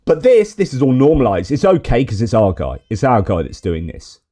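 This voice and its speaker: A man's voice: mid-range voice, huge pitch swings, brisk, mellow. A man giving exasperated, indignant political commentary while reacting to video clips.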